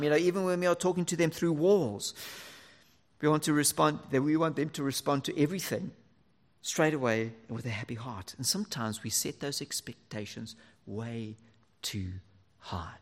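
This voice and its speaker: A man preaching a sermon to fathers, earnest and lively, sometimes dropping almost to a whisper for emphasis. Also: mid-range voice, in a large hall.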